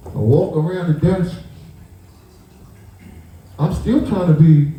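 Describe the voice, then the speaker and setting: A man's voice: fairly high pitch, slow pace. A man, the uncle of a victim, telling an emotional story and acting out the scene, stumbling and repeating words. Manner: animated, acts out the scene, restarts and repeats words. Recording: very echoey, voice picked up from far off.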